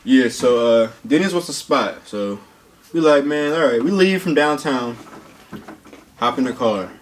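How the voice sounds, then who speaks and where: A young man casually telling a funny story on a mukbang, slangy and animated, laughing as he goes. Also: medium pitch, a little slow. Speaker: mukbang co-host. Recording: distant mic with background noise.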